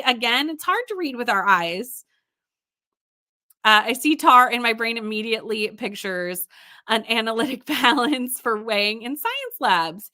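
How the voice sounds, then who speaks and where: A woman's voice: fairly high pitch, bright, forceful tone. A woman hosting a casual livestream, tired but bubbly, laughing often as she reads out viewer comments and greets people. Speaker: livestream host.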